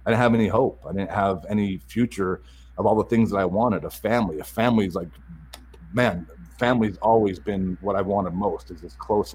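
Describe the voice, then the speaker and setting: A man candidly telling a personal story, halting and repeating words as he restarts his sentences. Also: sits low, darkish tone, a little hiss or hum, rough recording.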